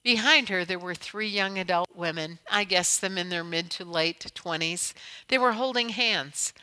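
A middle-aged woman giving an earnest inspirational talk at a conference, telling stories and building to emphatic high points. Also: normal speed, bright, forceful tone, poor audio. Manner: storytelling, earnest, swells to emphatic highs. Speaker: conference speaker.

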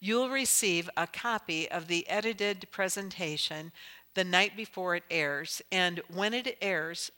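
A middle-aged woman preaching from a stage, her bright, forceful voice sitting a little low in pitch. She shifts from quiet storytelling to loud, impassioned exhortation. The sound rings with the long reverb of a large hall. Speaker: Christian speaker. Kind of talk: sermon with storytelling.

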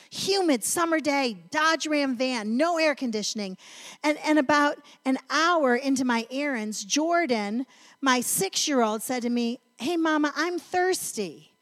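Animated woman storyteller preaching. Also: on the high side. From North Carolina. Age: middle-aged. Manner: animated storyteller, emphatic build-ups. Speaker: women's ministry speaker. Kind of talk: sermon with storytelling.

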